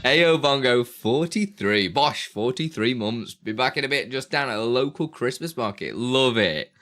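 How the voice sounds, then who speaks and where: Speaking into a close desk microphone from a small room at home, this British man chats casually on a live stream. His mid-range voice is fairly bright and expressive at a normal speed, and he's playful, laughs a lot, and drifts into sing-song baby talk.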